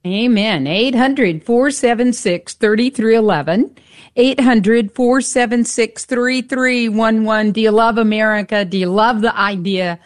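A woman co-hosts a radio pledge drive with fervent, pressing energy and fires quick rhetorical questions at the listeners. Her voice sits slightly high, and she calls out the phone number again and again. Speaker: radio co-host. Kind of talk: on-air pledge drive appeal. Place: radio studio.

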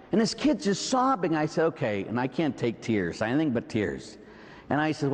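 A man's voice: mid-range voice, very animated, normal speed, big-room sound. A man with a Pittsburgh accent preaching a Catholic sermon, full of rhetorical "huh?" and "right?" asides. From Pittsburgh, USA. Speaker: Catholic priest.

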